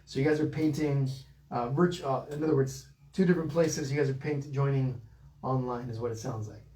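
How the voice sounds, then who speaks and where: A middle-aged man, teaching a live online painting lesson in a relaxed, chatty way and reading out viewer comments as he goes. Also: mid-range voice, a little fast. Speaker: painting instructor.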